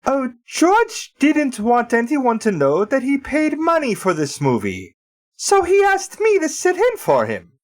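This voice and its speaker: A man voicing a bumbling British gentleman, with a clumsy fake accent that drifts toward German. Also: very high voice, wildly swooping pitch, unhurried, voice pushed up, full character voice. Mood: pompous.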